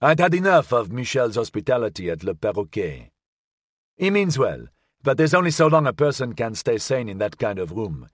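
A man's voice: medium pitch, sing-song, normal speed, no echo, studio quality. A man voicing a big, jovial man who enjoys the attention, in an audiobook. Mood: cheerful. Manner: cheerful and self-satisfied.

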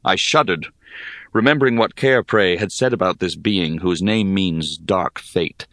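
Slow, gravelly male storyteller. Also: low voice, dry recording, clean studio sound. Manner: measured, expressive. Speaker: audiobook narrator. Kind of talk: scripted narration.

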